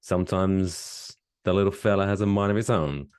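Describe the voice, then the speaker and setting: A man co-hosting a podcast in a casual, jokey chat, playful and quick to slip into silly voices. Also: deep voice, a little mellow, clean tone. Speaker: podcast co-host.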